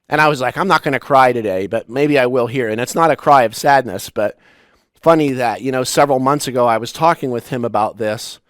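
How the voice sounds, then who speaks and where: A man in his forties, a spiritual teacher, giving a reflective talk with personal stories, halting and restarting as he goes. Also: mid-range voice, dry recording, clean studio sound. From United States. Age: 40s. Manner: personal, storytelling with pauses and restarts.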